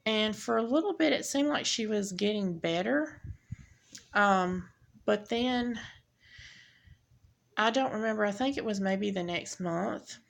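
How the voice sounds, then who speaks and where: A woman giving a personal testimony, speaking haltingly with many pauses and restarts. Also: mid-range voice, creaky. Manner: halting, with frequent ums and restarts. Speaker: speaker sharing her testimony. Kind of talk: personal testimony, unscripted storytelling.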